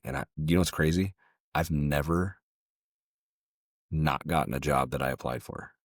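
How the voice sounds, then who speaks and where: A man with a very deep voice tells a personal story as a podcast guest. He speaks haltingly and often repeats words as he goes. The mic sound is dry and close, with no room echo. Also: fairly even intonation. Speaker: podcast guest, jiu-jitsu gym owner.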